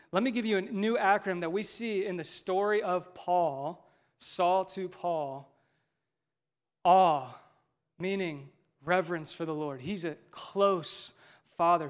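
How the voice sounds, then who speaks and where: A man preaching a sermon as lead pastor, swinging from loud emphasis to near whispers and calling on the congregation to answer back. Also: sits high. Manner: asks congregation to call back responses.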